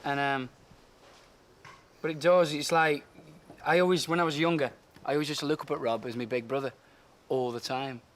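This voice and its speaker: A young man with a slightly high voice, steady in tone and moderate in pace, chats casually backstage. As the best friend and tour companion, he tells stories about his friend earnestly and talkatively, voicing quotes along the way.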